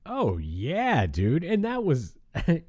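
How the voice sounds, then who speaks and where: Animated man co-hosting a podcast. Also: a little high, slow pace, husky. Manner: animated, laughs often. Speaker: podcast co-host. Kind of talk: casual chat. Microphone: cheap computer mic.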